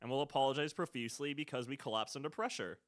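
A man's voice: mid-range voice, fast, a bit bright. A young man co-hosting a casual movie podcast, making dry jokes. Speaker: podcast co-host.

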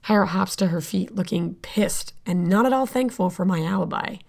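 A woman's voice: fairly low pitch, normal speed, vocal fry, darkish tone. A woman narrating an audio drama in the first person, sardonic and blunt, swearing freely. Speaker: narrator and lead character.

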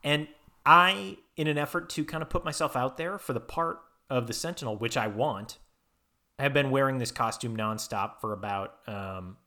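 A man's voice: medium pitch, moderate pace, pushed and bright. A man co-hosting a comedy podcast, playing an awkward, eager character in an improvised scene, rambling with fillers.

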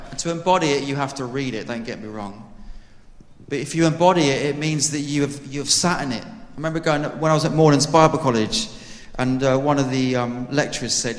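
A man's voice: medium pitch, a little fast. A man preaching a sermon to his church, earnest and conversational, joking with the congregation. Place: church hall. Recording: echoey hall with long reverb.

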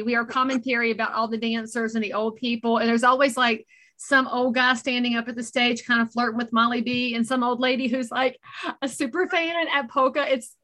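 A middle-aged woman with a Southern drawl chats as a guest, quick with jokes and asides. Her voice sits a little high and rings bright and forceful. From North Carolina. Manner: chatty, joking, quick asides. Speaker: guest, realtor and speaker. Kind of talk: casual chat.

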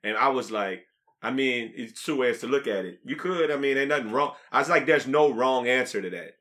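A man's voice: medium pitch, lively intonation, fairly quick, fairly bright tone. A man from Louisiana, hosting a podcast in loose, rambling chat full of repeated words. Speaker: podcast host. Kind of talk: casual chat.

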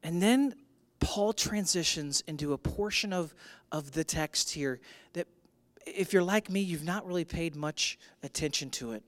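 A male pastor preaching a sermon. He swings between loud, emphatic declarations and hushed, intimate lines, and calls out to his congregation. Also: fairly high pitch, a little slow, dry recording. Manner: addresses the congregation directly with call-and-response prompts. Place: church.

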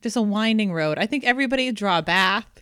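A woman's voice: medium pitch, lively intonation, fast, fairly bright tone, a little hiss or hum. Playful woman co-host, joking. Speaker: podcast co-host. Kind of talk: casual chat.

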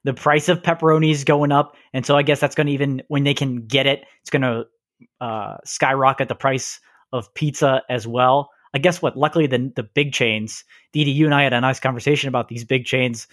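Rambling, animated male podcast co-host. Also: medium pitch, fairly quick, no room sound, clean studio sound. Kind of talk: casual chat.

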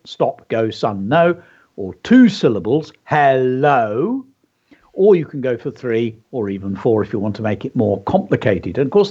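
A man hosts a radio show about writing, explaining a poem with enthusiasm and plenty of ums and uhs, his pitch moving in an animated way. His voice is slightly husky, and the broadcast sound is dull and lo-fi. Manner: enthusiastic, explanatory, many fillers. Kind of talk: instructive radio talk.

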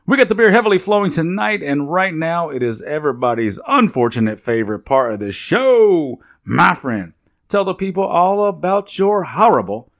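A man's voice: fairly high pitch, fairly bright tone. A man hosting a comedic sports betting podcast, with a hype, crude mock-announcer manner. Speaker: podcast host. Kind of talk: comedic casual chat.

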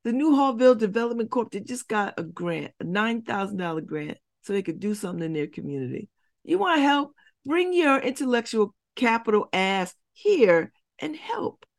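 A woman's voice: a little high, big pitch swings, normal speed. A woman hosting a community radio show, talking bluntly and preachily with rhetorical questions. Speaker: radio host. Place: radio studio.

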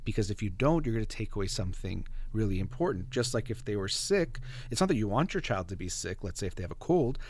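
A man's voice: lowish voice, big pitch swings, fast, few pauses, darkish tone. A man, a therapist hosting a conversation, explaining ideas in an earnest, explanatory way. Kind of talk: casual conversation.

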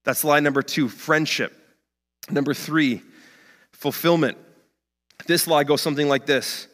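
A male pastor delivers a sermon in a chatty, conversational way, often slipping in "like". His voice sits a little high for a man. A long hall reverb trails after each phrase. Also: steady tone, a little slow, long pauses, a bit bright.

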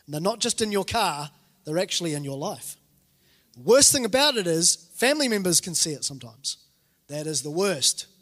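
A man's voice: high-pitched, normal speed. A man, preaching a sermon as a pastor and acting out the voices in the stories he tells. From New Zealand. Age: 40s. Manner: animated storytelling, acting out quoted voices. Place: church hall. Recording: reverberant church hall.

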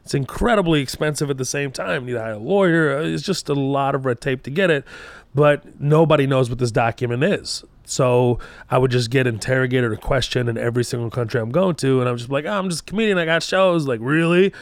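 A man's voice: mid-range voice, a little fast, no echo. A man who grew up in Kuwait, a comedian guest telling a story in a casual podcast chat, acting out voices and swearing freely.

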